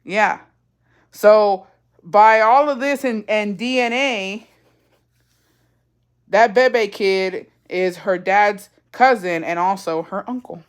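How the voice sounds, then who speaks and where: A woman's voice: mid-range voice, slow, pauses often, clear, resonant tone. A woman hosting a casual livestream, blunt and profane, explaining family drama and tossing in Spanish phrases. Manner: sassy, repetitive explaining. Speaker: livestream host answering viewer questions. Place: lives in Mexico.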